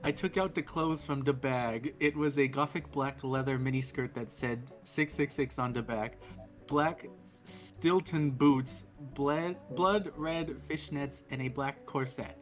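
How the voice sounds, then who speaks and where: A speaker reads a silly fanfic aloud for a livestream. The delivery is deadpan and has a middle pitch. Faint music plays behind. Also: measured pace. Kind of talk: comic reading aloud with asides.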